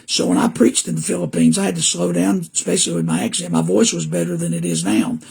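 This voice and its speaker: Older Southern man, preacher, casual podcast talk: weak, damaged voice, very gravelly and husky, fairly high-pitched, rambling, earnest. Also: expressive, fast, a little mellow. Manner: rambling, earnest, greets viewers by name mid-talk.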